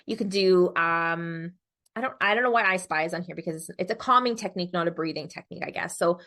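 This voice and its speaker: A woman's voice: on the low side, quick pace, fairly bright tone. A middle-aged woman giving a parenting webinar as a psychologist, chatty and informal, with many fillers and self-corrections.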